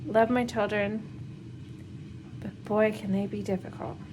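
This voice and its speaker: The recording is noisy in the background as a woman in her thirties, a homeschooling mom who vlogs, talks casually over her laundry at home. She rambles at an unhurried pace in a steady, medium-pitched voice, peppering it with fillers and nervous laughter.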